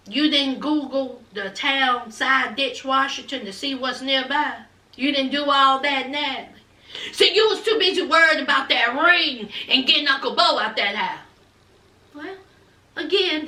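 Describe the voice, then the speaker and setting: A woman, hosting a casual reality TV recap with sassy, animated storytelling. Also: high voice. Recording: roomy echo, distant from mic.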